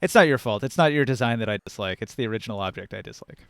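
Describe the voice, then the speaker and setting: Man running a tabletop game, smooth dry voice. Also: lowish voice, very fast, dry recording. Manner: casual, animated narration with counting and sound words. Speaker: game master.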